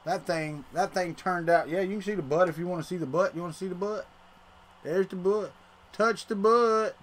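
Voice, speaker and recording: A middle-aged man with a high voice speaks briskly while hosting a casual livestream, rambling to his chat as he tinkers.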